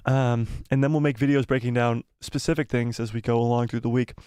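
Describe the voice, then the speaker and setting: Some guy hosting a live watch party stream, super excitable, keeps repeating stuff, dry mic sound. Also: medium pitch, a little fast, smooth, no room sound. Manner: excitable, exclaiming, repeats himself. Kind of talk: live watch-party chat, reading viewer comments.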